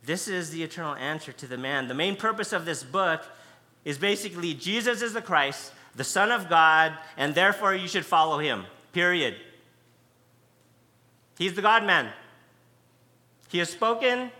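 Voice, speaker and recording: A man delivers a sermon with a bright, piercing tone and a slightly high voice. He preaches conversationally but with emphasis, leaning on repeated key words. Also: animated, moderate pace, pauses often. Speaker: pastor.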